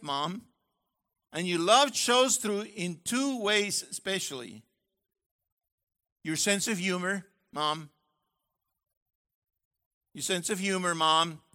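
A man preaching a sermon in an animated, joking way, acting out little voices as he goes. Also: high-pitched. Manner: animated, jokey, acts out voices. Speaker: university professor.

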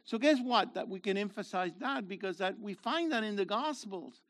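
A middle-aged man preaching a sermon in a loose, conversational way, swinging from loud to quiet. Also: high-pitched, animated, normal speed. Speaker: pastor.

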